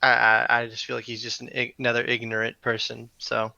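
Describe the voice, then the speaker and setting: Bright-voiced man playing a tabletop game. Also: mid-range voice, completely flat delivery, fairly quick, creaky, no room sound, lo-fi sound. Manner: hesitant, narrates his character's moves. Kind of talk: casual tabletop game chat.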